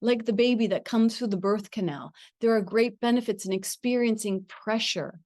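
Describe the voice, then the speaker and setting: A middle-aged woman telling a personal spiritual story. She talks in an earnest, reflective way with gentle pauses and frequent small laughs. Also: a little high, dry recording, clean studio sound. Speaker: spiritual teacher.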